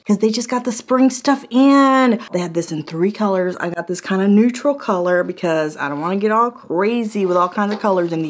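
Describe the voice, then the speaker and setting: Bubbly, excitable woman reviewing products. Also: mid-range voice. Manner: bubbly, excitable, chatty with laughs and gasps. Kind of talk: casual product review vlog.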